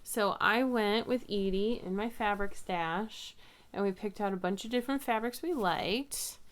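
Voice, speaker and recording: A woman's voice: mid-range voice, a little slow. Chatty woman host telling family stories. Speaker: podcast host. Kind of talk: casual chat.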